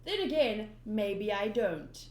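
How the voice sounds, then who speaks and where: A woman's voice: mid-range voice, animated, darkish tone. A woman reading a sly taunting pirate clown. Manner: taunting, teasing, drawn-out lines. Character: sly boastful male pirate clown captain. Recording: roomy echo.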